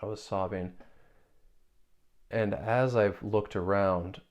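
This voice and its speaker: A young man earnestly telling a personal spiritual story, halting and repeating words as he searches for how to describe it. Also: fairly low pitch, steady tone, a little mellow. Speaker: spiritual video creator.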